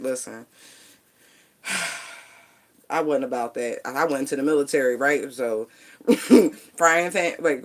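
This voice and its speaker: A woman's voice: sits low, a bit bright. A middle-aged woman vlogging, telling stories casually in a loose, playful way and laughing often. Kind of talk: casual storytelling monologue.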